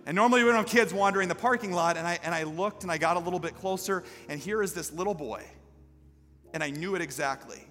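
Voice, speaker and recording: A male pastor delivers a sermon live in a church sanctuary, his bright, somewhat high voice ringing through a long hall reverb. He shifts from telling a story to rising, impassioned exhortation. Soft music sits faintly underneath. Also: fast. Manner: storytelling that builds to loud, impassioned preaching.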